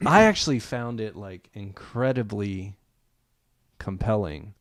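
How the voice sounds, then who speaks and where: A man's voice: on the low side, expressive, unhurried, dry recording, clean studio sound. A man co-hosting a casual film podcast, teasing his co-host with crude jokes and easy laughs.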